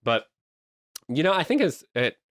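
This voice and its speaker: A man spins an improvised comedy movie pitch with a lively, up-and-down voice. He slips into silly voices as he tells it. The sound is close and dry. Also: normal speed, no echo. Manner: animated storytelling with silly voices.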